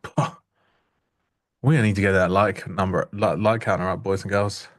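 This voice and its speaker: A man's voice: low voice, steady tone, moderate pace. A young man co-hosting a live trading stream, chatting casually and jokingly, often restarting his sentences. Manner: joking, rambling, self-interrupting. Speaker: livestream trading co-host.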